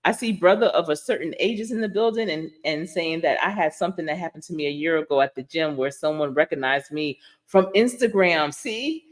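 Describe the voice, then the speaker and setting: A middle-aged woman, a life coach, talks casually to her livestream audience. She tells stories with lively energy, laughing often and slipping into the voices of the people she quotes. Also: deep voice, fairly quick, hardly any pauses. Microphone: livestream setup.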